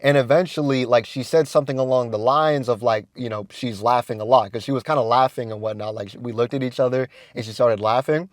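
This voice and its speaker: A young man recounts a story to camera in loose, slang-filled talk, padding his sentences with casual asides. His voice sits at an ordinary middle pitch, and the sound is dry and close with no room around it. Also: fairly quick, hardly any pauses, no room sound. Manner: slangy, rambling, peppered with "you feel me" and "whatnot"; animated, swings from hushed to excited. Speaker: vlogger.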